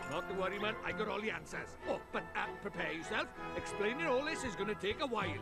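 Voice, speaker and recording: A man's voice: high-pitched, lively intonation, fast talker, vocal fry, over loud music. An actor playing a boastful, chatty male fairy lord with a Welsh accent in a video game. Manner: sing-song, brash, rambling.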